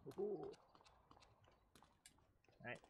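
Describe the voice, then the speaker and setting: A man streaming a game live, chatting playfully with viewers and joking as he plays. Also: very slow. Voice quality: playful, jokey, puts on silly voices. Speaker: let's play streamer. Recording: noisy game audio behind. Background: game sounds and gunfire.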